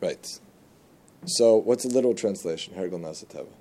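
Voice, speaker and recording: Low, mellow-voiced man teaching Torah. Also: moderate pace. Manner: animated, pitch jumps on key words. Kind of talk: religious lesson with storytelling.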